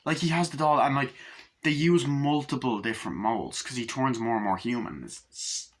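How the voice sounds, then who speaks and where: Male reviewer, casual vlog, rambling and excited, swears a lot. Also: mid-range voice, moderate pace. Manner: enthusiastic, rambling, swears freely. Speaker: movie reviewer.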